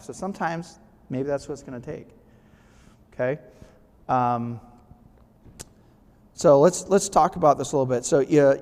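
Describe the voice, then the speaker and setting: A man's voice: mid-range voice, darkish tone. Guy giving a casual self-help talk to a crowd, keeps asking "right?", long hall reverb. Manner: conversational, asks the audience "right?" often, restarts phrases. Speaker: guest speaker. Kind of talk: motivational talk to a live audience.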